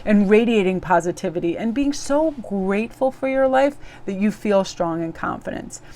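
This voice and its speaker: A woman's voice: mid-range voice, expressive, moderate pace, dark tone. A woman giving a casual daily tarot reading in a bubbly, effusive, chatty way. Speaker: tarot reader.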